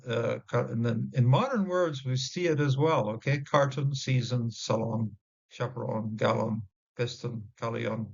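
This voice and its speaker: Halting man teaching, gravelly dull recording. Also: mid-range voice. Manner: halting, many fillers and restarts; sounds out Hebrew words slowly. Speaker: Bible teacher. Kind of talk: informal Bible word study.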